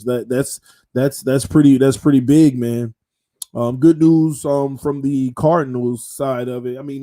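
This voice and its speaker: A man's voice: mid-range voice, warm tone. A man hosting his own football fan channel, talking casually and animatedly, repeating phrases for emphasis. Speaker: sports channel host.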